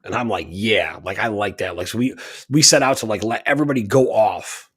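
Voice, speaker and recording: A man's voice: lowish voice, brisk, fairly bright tone, husky. A man co-hosting a talk radio show, telling long rambling stories that turn heated. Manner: rambling storytelling with heated bursts. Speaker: co-host. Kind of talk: casual talk radio chat.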